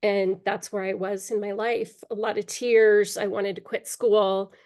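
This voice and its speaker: A middle-aged woman speaking as an interview guest, recounting her own life in a candid, halting way. Her voice sits at an ordinary middle pitch, broken by pauses and small fillers. Now and then she clears her throat, bothered by allergies. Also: little pitch movement, darkish tone. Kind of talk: personal storytelling in an interview.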